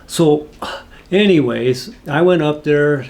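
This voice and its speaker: A man's voice: on the high side, slow, a little mellow. A man casually telling a rambling, folksy personal story, full of asides. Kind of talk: casual spoken anecdote.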